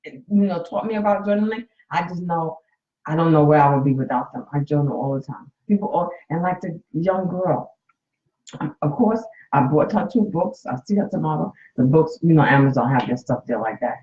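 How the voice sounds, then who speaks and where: A woman's voice: deep voice, moderate pace, echoey room, dull audio. A woman in her late fifties, a coach and nurse, talks candidly and emotionally to viewers during a casual live stream from her phone. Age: 50s.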